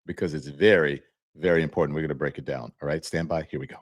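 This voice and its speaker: A man hosting a political commentary show, mocking the clips he plays and breaking into high, exclaiming bursts. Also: steady tone, fast. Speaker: show host.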